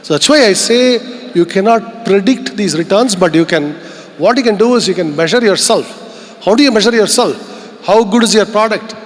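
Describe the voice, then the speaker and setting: A man with an Indian English accent speaks in a fairly high voice, delivering an earnest keynote at a conference. He muses aloud and poses rhetorical questions to the crowd, and his words ring out with the long echo of a large hall. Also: animated, moderate pace.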